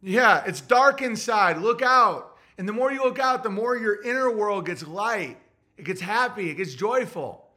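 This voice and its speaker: A man with a high voice and a bright, sharp tone hosts his livestream. He talks in a blunt, crude, lecturing rant aimed at his viewers. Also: lively intonation, unhurried. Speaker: livestream host. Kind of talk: ranting livestream monologue.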